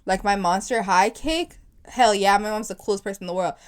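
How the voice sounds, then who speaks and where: A young woman in her twenties co-hosting a podcast in casual chat, blunt and animated, joking with her friend. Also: medium pitch, fairly quick, clean tone. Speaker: podcast co-host.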